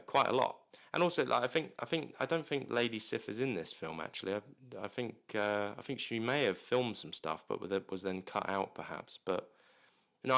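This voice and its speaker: Low-voiced rambling man. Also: gravelly, a bit bright. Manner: rambling, many restarts and fillers, jokey asides. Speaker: movie reviewer. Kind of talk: casual rambling movie review.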